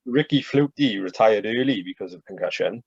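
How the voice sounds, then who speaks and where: A man's voice: fairly low pitch, lively intonation, moderate pace, husky, no room sound, dull audio. A man as a podcast guest, chatting casually and rambling with lots of fillers.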